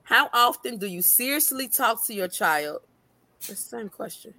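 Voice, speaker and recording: A woman's voice: on the high side, expressive, normal speed, sharp tone, no echo. Laughing, slangy woman co-host. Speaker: podcast co-host. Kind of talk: casual chat.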